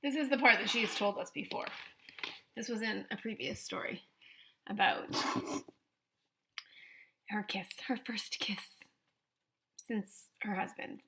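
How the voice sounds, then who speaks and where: A woman's voice: medium pitch, takes it slowly, long pauses, a bit bright, a little hiss or hum. A woman hosting a reaction video, making sarcastic, incredulous asides in casual commentary.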